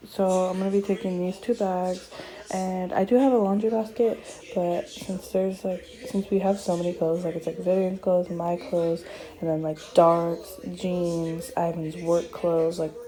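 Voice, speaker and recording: A young woman with a slightly hoarse voice, chatting casually in a vlog from her apartment, rambling with lots of fillers. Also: fairly low pitch, level tone, unhurried, a crowd in the background, low-quality recording. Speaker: vlogger. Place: apartment, indoors.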